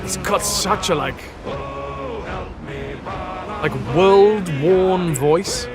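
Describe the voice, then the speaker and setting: A man's voice: high voice, drawn-out words. A man chatting playfully and rambling through a live game stream, answering his chat as he plays. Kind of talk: casual live-stream chat while gaming. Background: game music.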